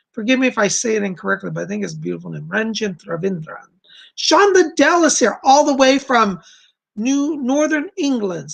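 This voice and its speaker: A man's voice: very high voice, gravelly, fairly bright tone. An American man hosting a live stream as a psychic, chatting casually and gushing over his viewers. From United States. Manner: effusive, gushing. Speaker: psychic host.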